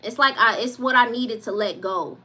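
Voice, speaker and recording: A woman's voice: fairly high pitch, moderate pace, pushed and bright. A woman vlogger in casual chat, rambling and emotional, with many restarts. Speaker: vlogger and singer.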